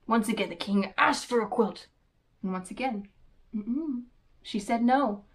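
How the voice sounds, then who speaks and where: Woman reading a kids' picture book out loud, expressive, voice a bit on the high side. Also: a little slow, low-quality recording. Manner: expressive, storytelling cadence. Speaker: children's story reader. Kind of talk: storybook read-aloud.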